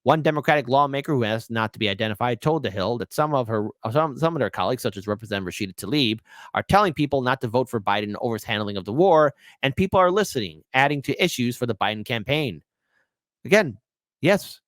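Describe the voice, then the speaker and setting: A man's voice: mid-range voice, lively intonation, fast talker, fairly bright tone, no room sound, clean studio sound. A man hosting political commentary, reading news aloud and breaking into scornful, mocking rants. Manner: mocking, sarcastic asides.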